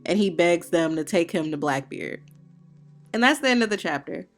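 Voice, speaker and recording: Woman hosting a manga review, low-ish voice, chatty and slangy, throws in jokey heckles, soft music behind. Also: lively intonation, normal speed, vocal fry. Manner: slangy and opinionated, with playful heckling asides. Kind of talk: casual spoken chapter recap.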